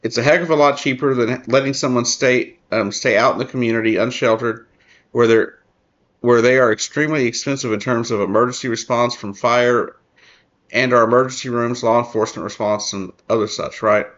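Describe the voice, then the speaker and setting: This male political commentary host, reading an article aloud on his show, stops and restarts sentences often and fills gaps with fillers as he adds earnest remarks. His voice sits at medium pitch with fairly even intonation and a fairly bright tone, though highs are cut off.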